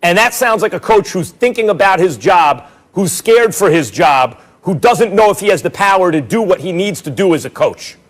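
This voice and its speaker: An animated man in a studio sports debate, sarcastic and mimicking others as he argues. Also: sits high, normal speed, hardly any pauses.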